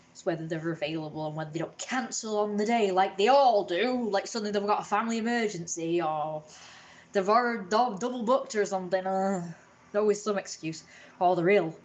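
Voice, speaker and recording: A woman's voice: fairly low pitch, quick pace. An English woman from Britain ranting in a casual live stream from home, opinionated and indignant, swearing freely.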